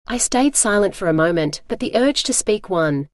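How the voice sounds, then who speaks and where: A woman's synthetic voice reading a first-person audiobook narration in an even, steady way. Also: medium pitch, moderate pace, hardly any pauses, dry recording, studio quality.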